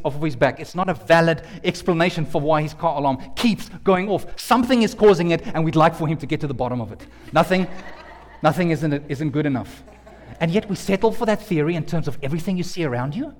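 High-voiced man preaching in a hall. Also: a little fast. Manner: lively, jokey, talks directly to the audience. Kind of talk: sermon. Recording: long hall reverb.

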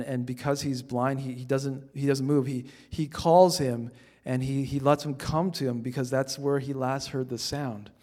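This man delivers a sermon as a pastor in a fairly high-pitched voice, talking conversationally and often restarting sentences with repeated words. His delivery swings between quiet passages of scripture and emphatic peaks.

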